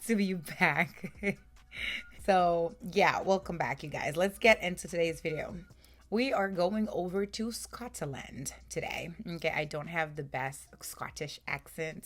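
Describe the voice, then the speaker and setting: A woman hosting her own true crime channel, telling stories to camera in a casual, chatty way, her voice strained with its upper range gone. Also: lowish voice. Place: home room, lawn mowing heard outside.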